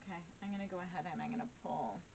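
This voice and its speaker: A woman's voice: lowish voice, very fast, vocal fry, background noise. A woman giving a casual tarot reading to her viewers, encouraging and frequently asking "right?" and "okay?". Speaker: tarot reader.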